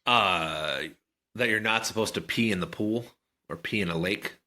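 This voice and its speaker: A man's voice: lowish voice, moderate pace, sharp tone. A man co-hosting a podcast, chatting in a rambling, joking way. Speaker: podcast co-host. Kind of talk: casual chat.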